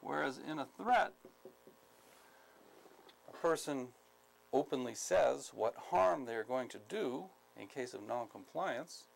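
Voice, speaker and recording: A man from the United States giving a skills training lecture, speaking deliberately, repeating key points, with many ums. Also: mid-range voice, lively intonation, creaky, low-quality recording. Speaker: instructor.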